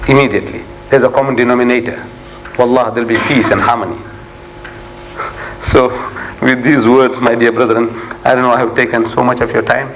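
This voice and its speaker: A man's voice: vocal fry, a bit bright, slight background noise, rough recording. An older man from South Africa giving a religious lecture to an audience, impassioned and full of rhetorical questions. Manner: impassioned, rhetorical questions, rising to high emphatic peaks. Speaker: Islamic preacher.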